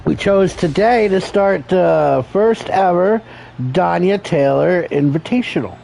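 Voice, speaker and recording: High-voiced gravelly dude doing foul-mouthed wrestling commentary, bit of noise behind. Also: male voice, expressive, slow, darkish tone, low-quality recording. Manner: crude, joking, rambling, calls people brother. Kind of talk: profane play-by-play commentary.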